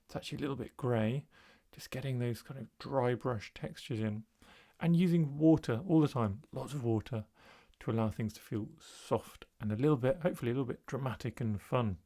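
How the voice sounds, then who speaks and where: A man, an art tutor, narrating his own painting process in a relaxed, thinking-aloud voice-over. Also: mid-range voice, fairly quick.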